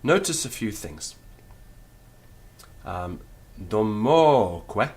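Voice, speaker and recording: A male Latin teacher lecturing at a very unhurried pace. His voice sits low, and he sounds out each syllable with deliberate care. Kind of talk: spoken lecture.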